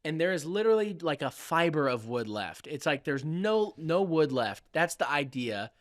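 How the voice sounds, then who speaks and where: Animated young man telling a story. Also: a little high, moderate pace, dry recording, clean studio sound. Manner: animated, laughs often while telling a story. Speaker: woodworking student. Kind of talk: casual podcast storytelling.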